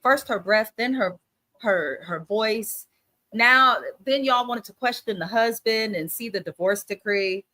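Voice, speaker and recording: A woman's voice: a little high, a little slow, pushed and bright. Blunt, profane woman from Oakland. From Oakland, California. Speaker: co-host. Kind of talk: casual recap chat.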